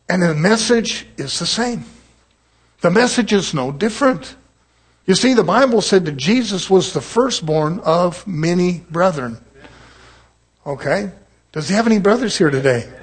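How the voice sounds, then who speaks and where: Man preaching, husky and fairly high-voiced, chatty and folksy with acted quotes. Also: lively intonation, measured pace, pauses often. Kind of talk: sermon.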